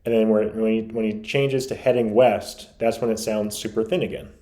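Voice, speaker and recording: A man's voice: fairly low pitch, fairly even intonation, moderate pace, warm tone. A man reviewing radio gear, giving an analytical, emphatic explanation as host. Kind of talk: explanatory commentary.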